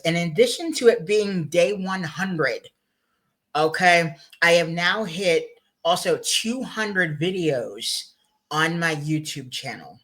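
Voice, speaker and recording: A man hosting a motivational vlog, talking in an excited, playful and chatty way, a little giddy and emotional. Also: fairly high pitch, slow. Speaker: motivational video host. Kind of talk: upbeat motivational vlog talk.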